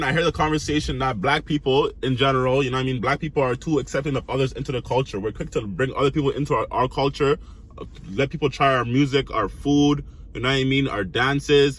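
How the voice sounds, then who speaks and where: A man's voice: medium pitch, fast talker, a bit bright, a little hiss or hum. A man giving rambling casual commentary, constantly asking "you know what I mean". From Canada. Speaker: commentary host.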